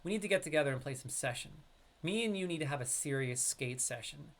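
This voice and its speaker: A man casually commenting on his game during a live stream, chatting with viewers and now and then breaking into loud excited yelps. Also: a little high, fast.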